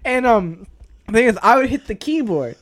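A man's voice: extremely high pitch, moderate pace. A young man in casual chat, telling school stories with lots of restarts and swearing. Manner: animated storyteller, swears, many restarts.

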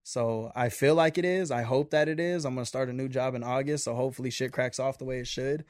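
A man's voice: mid-range voice, fairly even intonation, quick pace, no echo, clean studio sound. A young man from a Mexican-American family telling his story in casual, profane podcast chat. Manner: profane, laid-back storytelling.

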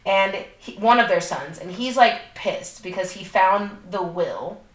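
A woman's voice: mid-range voice, a little slow. A young woman co-hosting a podcast, retelling a movie plot in casual, profane chat, full of fillers. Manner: profane, animated storytelling with lots of fillers. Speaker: podcast co-host. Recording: echoey room.

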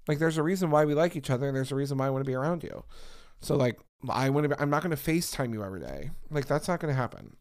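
A man hosting a podcast alone, chatting casually in a sassy, animated way and sounding tired. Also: mid-range voice. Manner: sassy, animated storytelling with swearing. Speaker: podcast host. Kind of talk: casual solo chat.

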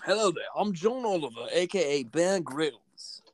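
A man's voice: fairly high pitch, sing-song, normal speed, dry recording. A man doing a put-on British accent, playing a jokey talk-host as a campy comic-book villain. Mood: chipper. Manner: exaggerated, campy, mock-theatrical. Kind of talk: comedic impression.

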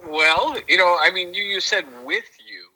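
A man on a tinny telephone line, his voice fairly high and very bright and cutting. He stammers and restarts often, slipping dry jokes into a casual podcast chat. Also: normal speed. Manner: hesitant, stammering, dry humor. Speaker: podcast co-host. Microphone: calling in by telephone.

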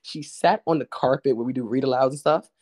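A man, a guest poet, telling a story in a relaxed, candid way with slang and the odd swear word. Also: mid-range voice, a little fast. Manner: relaxed, candid, uses street slang and profanity. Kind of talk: casual conversational storytelling.

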